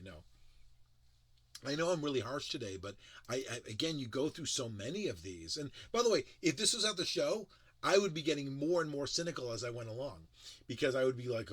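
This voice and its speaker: A man talks through tech products in casual, critical commentary, his voice bright and lively as it swings up and down. He is emphatic and sarcastic and often restarts mid-sentence. The sound is dry and close. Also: mid-range voice, a little fast, breathy edge, dry recording. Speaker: tech show reviewer.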